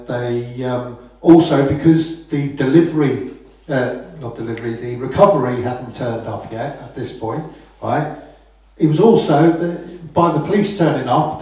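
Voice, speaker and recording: A man's voice: medium pitch, darkish tone. A man giving a casual, anecdotal talk as a common law speaker, often asking "right?" after his points. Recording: very echoey room, voice from far off the mic.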